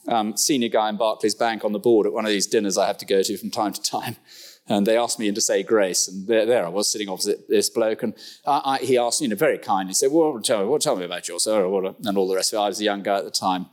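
A middle-aged man preaches fast in a church, tossing in humorous asides and making sudden jumps in pitch.

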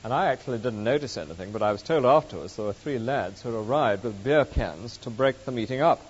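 A man preaching a sermon, telling stories in a measured, expressive way. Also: medium pitch, husky. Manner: measured, expressive storytelling delivery. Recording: muffled recording with long hall reverb.

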